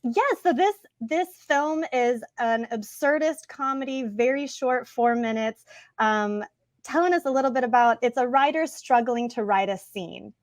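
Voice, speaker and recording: A woman's voice: on the high side, dry recording, clean studio sound. Articulate woman filmmaker as interview guest. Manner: articulate, measured, with um fillers. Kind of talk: interview answers.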